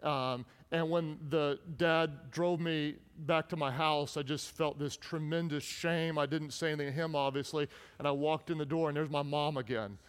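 A man's voice: a little high, fairly even intonation, normal speed, hardly any pauses, clean tone. A man in his thirties, a pastor preaching a sermon, telling a personal story in an earnest way with frequent restarts. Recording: long reverb in a large hall.

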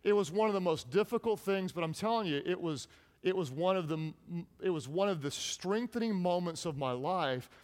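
A man's voice: high voice, animated, normal speed. Earnest male pastor in a reverberant hall. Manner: earnest, personal storytelling with frequent restarts. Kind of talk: sermon. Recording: long reverb in a large hall.

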